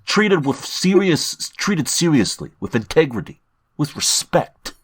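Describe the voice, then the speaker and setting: A man voicing a tough-talking male mobster type with a gruff put-on accent. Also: medium pitch, animated, a little fast, fairly bright tone, voice pushed up. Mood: mock-menacing.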